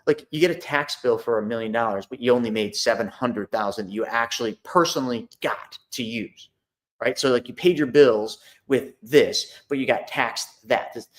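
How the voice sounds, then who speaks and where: A middle-aged man talks straight to his online audience in a loose, conversational way. He circles back and repeats himself, and he acts out his phone calls. His voice sits at an ordinary middle pitch. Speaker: host of a money and investing talk. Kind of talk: casual live talk to an online audience.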